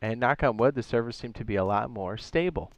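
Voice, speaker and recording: A man's voice: mid-range voice, a little fast, no room sound. A man hosting his own game live stream, chatting casually, reading viewers' messages aloud and often correcting himself. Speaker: streamer and server host.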